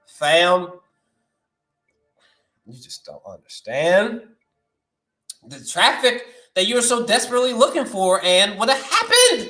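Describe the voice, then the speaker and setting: A man's voice: high-pitched, very animated, takes it slowly, pauses often, sharp tone, roomy sound, soft background music, low-quality recording. A young man hosting a movie news stream, ranting in a loose, slangy, profane way, his voice leaping up when he gets worked up. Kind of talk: animated live-stream rant.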